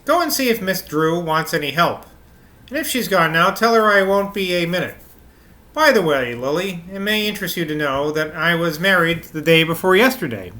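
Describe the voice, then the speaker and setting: A man voicing a kind-hearted young woman who gives gentle but firm advice in a raised voice. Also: a little high, animated, moderate pace.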